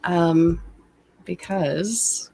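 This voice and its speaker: A woman's voice: fairly low pitch, vocal fry, warm tone, no echo. Woman host losing her voice. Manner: friendly, brisk, introducing guests. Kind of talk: casual online community show.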